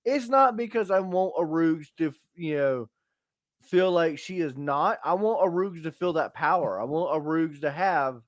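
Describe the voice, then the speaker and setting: A man's voice: on the high side, moderate pace, dry recording, studio quality. A man co-hosting a podcast, talking in a blunt, emphatic and profane way as he rants about tough love. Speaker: podcast co-host. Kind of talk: casual opinionated podcast chat.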